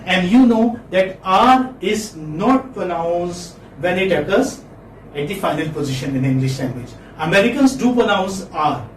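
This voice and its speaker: Slow, high-voiced man teaching phonetics. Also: lively intonation. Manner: repeats words slowly, quizzes students. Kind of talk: classroom lecture. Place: classroom. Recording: echoey classroom, distant mic, faint noise.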